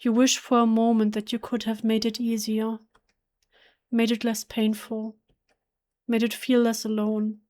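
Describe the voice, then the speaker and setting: A German-native woman reads horror game narration aloud, hushed and emotional, often stumbling and restarting mid-word. Her voice sits fairly high but moves little in pitch. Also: monotone, a little slow, long pauses. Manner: emotional, hushed, with self-corrections. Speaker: let's play gamer. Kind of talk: reading game text aloud.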